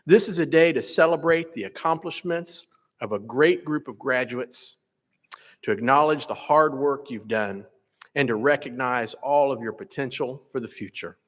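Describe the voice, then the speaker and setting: A man, a faculty senate president, giving a measured, earnest commencement speech from a podium. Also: mid-range voice. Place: large hall. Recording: echoey hall PA recording.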